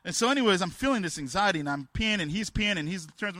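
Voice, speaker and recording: This sermon comes from a man sharing personal anecdotes in a frank, stop-start way full of restarts, his voice rising as he acts out the people involved. He sits high in pitch with lively intonation and a pushed, bright sound, recorded with no echo.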